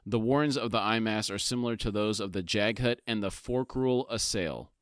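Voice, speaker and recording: A man's voice: on the low side, moderate pace, fairly bright tone, clear, resonant tone, no echo, studio quality. A man co-hosting a book podcast, recapping chapters and reading dialogue aloud in plain tones. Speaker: podcast co-host. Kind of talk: casual chat and plot recap.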